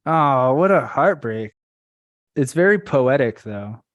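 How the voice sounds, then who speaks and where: A man's voice: mid-range voice, animated, takes it slowly, dry recording, lo-fi sound. A man hosting a podcast, chatting in a rambling way and laughing easily. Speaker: podcast host. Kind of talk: casual podcast chat.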